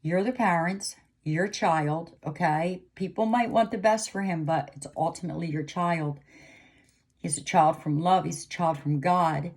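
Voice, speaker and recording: A woman's voice: lowish voice, fairly even intonation, a little slow, a little mellow, breathy edge. A middle-aged woman giving an emotional intuitive reading to camera, pleading and repeating herself. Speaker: psychic reader.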